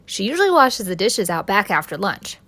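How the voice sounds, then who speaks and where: A woman's voice: mid-range voice, sing-song, a little fast, fairly bright tone. A woman voicing a stammering little orphan boy. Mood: nervous. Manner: stammering, trying to sound older. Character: timid six-year-old orphan boy, wary.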